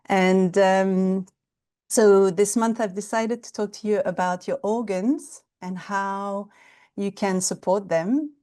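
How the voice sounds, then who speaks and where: A woman teaching an online qigong class over a video call, explaining things gently and calmly with some hesitant fillers. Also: mid-range voice, slow pace. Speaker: Chinese medicine therapist and qigong instructor.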